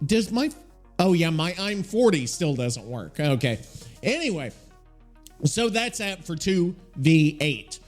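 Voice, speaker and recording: A male podcast host with a fairly high voice talks in a loose, profane ramble, trailing off and restarting as he searches for things on screen. Faint music sits quietly underneath. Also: sing-song, takes it slowly. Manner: rambling, profane, thinks aloud while looking things up. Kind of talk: casual solo podcast chat.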